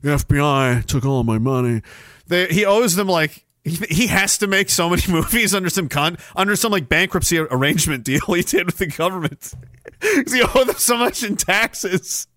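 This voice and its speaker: A man's voice: high-pitched, animated, moderate pace, fairly bright tone, dry recording, studio quality. A man hosting a live show and reading chat, rambling and swearing, with sudden bursts of mock outrage. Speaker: podcast host reading chat. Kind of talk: casual livestream chat.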